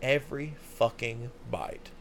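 A man's voice: medium pitch, slow pace, vocal fry, a little hiss or hum. A young man casually telling a funny, profane story on a podcast, laughing often. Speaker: podcast host.

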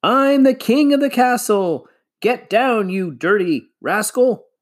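A high sing-song girl, as a man reads her. Sensible and a little bossy, her voice leaps up on exclamations. Storybook reading. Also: wildly swooping pitch, a little slow, breathy edge, exaggerated voice. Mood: chanting.

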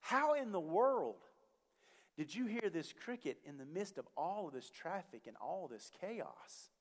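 A man voicing a flustered, excitable businessman with a raised voice, heard with long hall reverb. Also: sits high, a little slow, exaggerated voice. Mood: amazed.

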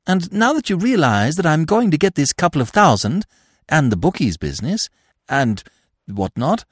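A man's voice: fairly high pitch, big pitch swings, moderate pace, slightly rough, no room sound, studio quality, pitched above the performer's own voice. A man doing a bumbling posh young toff. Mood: chirpy, eager. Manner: bumbling, chirpy upper-class chatter. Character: silly, lovestruck young aristocratic man.

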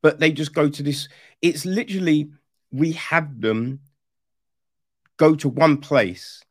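A man's voice: on the high side, slow pace, no room sound, studio quality. A man giving a casual, rambling spoken review, sarcastic and incredulous, swearing freely and checking in with "right?" as he goes. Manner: rambling with restarts and frequent "right?". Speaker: film reviewer.

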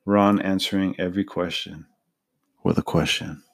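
Man, podcast host, low voice, casual chat, animated retelling. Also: normal speed, vocal fry. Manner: animated retelling, acts out quotes.

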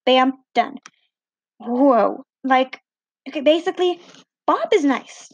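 A teenage girl telling a story in a chatty, animated way, acting out the other people's lines with different voices. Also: sits high, slow, pauses often, no echo. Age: teens. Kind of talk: casual storytelling.

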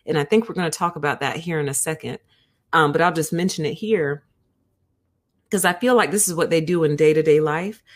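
Lowish-voiced woman rambling to her chat, casual and chatty, talks right to viewers. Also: a little fast. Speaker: host of a book review show. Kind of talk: casual livestream commentary.

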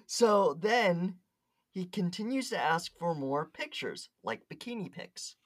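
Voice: medium pitch, lively intonation, slow. A podcast co-host in casual chat, giggling often and reading chat logs aloud with lots of "um" and "like".

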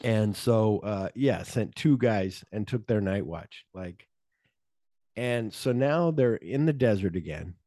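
A man co-hosts a loose, casual podcast, recapping a film scene by scene and slipping into quick voices for the characters. His voice sits low with a dark, mellow tone. The sound is dry and close. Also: no echo. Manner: animated retelling, acts out lines in quick voices, swears freely. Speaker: podcast co-host.

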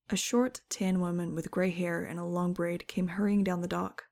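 Gravelly-voiced woman narrating an audiobook. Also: fairly low pitch, level tone, moderate pace, few pauses, darkish tone. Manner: wry, conversational. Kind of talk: first-person scripted narration.

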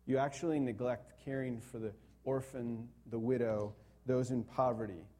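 A man's voice: mid-range voice, steady tone, normal speed, warm tone. A man, a young to middle-aged pastor, preaching a sermon in an earnest way that builds to emphatic repetition.

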